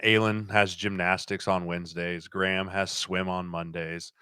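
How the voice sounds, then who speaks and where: Lively storytelling man with bright tone. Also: low voice, moderate pace, smooth, no echo. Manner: animated storyteller, acts out quotes. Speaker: podcast guest. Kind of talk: casual chat.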